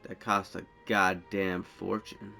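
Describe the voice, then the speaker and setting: A man's voice: sits low, flat delivery, takes it slowly, vocal fry, sharp tone, faint music behind. A man giving casual gameplay commentary, rambling and thinking aloud as he plays. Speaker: gameplay streamer.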